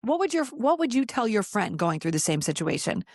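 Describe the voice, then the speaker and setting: A woman's voice: fairly high pitch, big pitch swings, fairly quick, no echo, studio quality. A woman hosting a motivational podcast, talking to listeners in an encouraging, conversational way. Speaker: podcast host.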